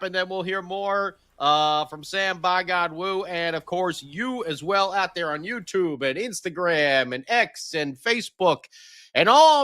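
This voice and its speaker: Hype podcast guy, kinda high pitched, dry close mic, cracking jokes through the recap. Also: dry recording. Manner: energetic, hype, jokey. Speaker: podcast host. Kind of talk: excited sports podcast recap.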